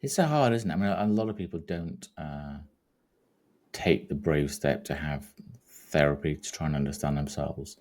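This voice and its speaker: Male interview host, very deep voice, measured and gentle delivery. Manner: measured, formal introduction then gentle questions. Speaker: podcast host.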